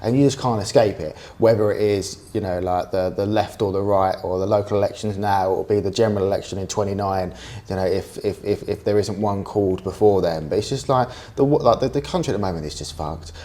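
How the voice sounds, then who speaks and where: A young man chats loosely on a podcast, voice sitting a little low. He stumbles over restarts and swears freely as he rambles from one point to the next. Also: brisk, warm tone. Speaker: podcast co-host. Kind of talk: casual banter.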